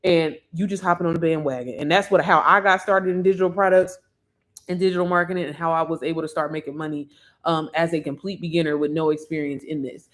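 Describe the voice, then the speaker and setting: A woman's voice: low voice, steady tone, quick pace. A young woman, chatting casually on a livestream as an online marketing coach, hyped and friendly, calling viewers girl and sis. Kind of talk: casual livestream sales talk.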